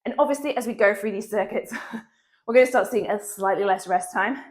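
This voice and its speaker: A woman's voice: medium pitch, a little fast. A woman, coaching a dumbbell workout with upbeat counting and frequent laughs, with a cold in her voice. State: has a cold, slight cough in the voice. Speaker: fitness instructor.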